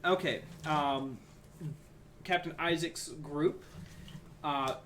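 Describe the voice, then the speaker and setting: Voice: mid-range voice, extremely slow, fairly bright tone, a little hiss or hum. A game master narrating a tabletop game in a casual, rambling way, full of "like" and "uh". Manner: casual, filler-heavy narration with swearing.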